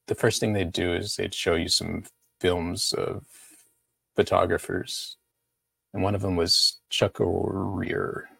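Artist guest, middle-aged man, slow and relaxed, gravelly voice. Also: deep voice. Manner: slow, laid-back storytelling. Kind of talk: casual conversation.

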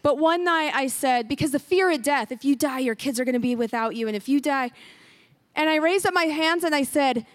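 A woman with a high voice tells a church testimony. She speaks earnestly and with deep feeling, often acting out her own past thoughts as she goes. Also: a little fast. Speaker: guest speaker sharing a ministry testimony.

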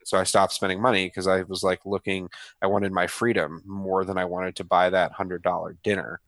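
A man's voice: sits low, little pitch movement, moderate pace, a bit bright, dry recording. A man in his thirties, a guest author talking casually and with enthusiasm in a podcast interview, often saying "man" and "dude". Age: 30s.

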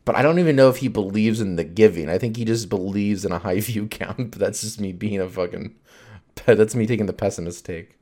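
Deep-voiced man rambling casually. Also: brisk, darkish tone. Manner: rambling, heavy on fillers, swears, laughs often. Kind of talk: casual solo podcast chat.

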